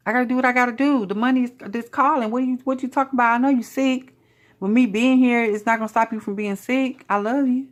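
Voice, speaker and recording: A woman's voice: fairly high pitch, fairly even intonation, fast, voice pushed up, lightly acted. A woman voicing a blunt, exasperated working adult. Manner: exasperated, matter-of-fact. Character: busy, blunt working adult brushing off a sick partner.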